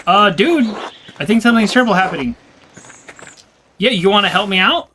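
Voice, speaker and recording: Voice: mid-range voice, expressive, fairly quick, bright, forceful tone, a little hiss or hum. A gamer giving let's play commentary, thinking aloud and often sounding confused while reading the game's text aloud. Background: game music.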